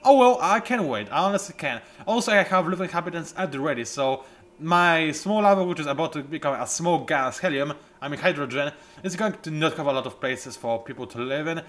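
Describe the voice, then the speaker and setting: A man casually commentating a strategy game he is playing, animated and self-mocking, with bursts of excitement. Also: fairly high pitch, brisk. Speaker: let's play host.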